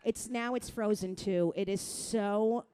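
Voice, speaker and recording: A middle-aged woman from New Jersey doing a crude, self-mocking stand-up set, talking straight to the crowd and jumping into loud mock voices. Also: mid-range voice, fairly even intonation, slow, clear, resonant tone. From New Jersey, USA. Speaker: stand-up comedian.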